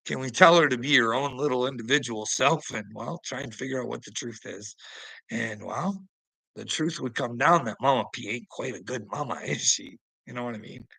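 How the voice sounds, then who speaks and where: A man delivering a preachy, taunting rant at a rival, laughing mockingly, swearing, and swinging between loud outbursts and low mutters. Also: normal speed, creaky, breathy edge, no echo, poor audio. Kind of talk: ranting monologue to a rival streamer.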